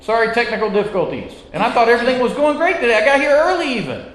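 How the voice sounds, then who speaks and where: A man's voice: extremely high pitch, sing-song, rapid-fire, fairly bright tone, slight background noise. A man teaching a Sunday school class, chatty and self-deprecating, opening with jokes. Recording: echoey hall with reverb.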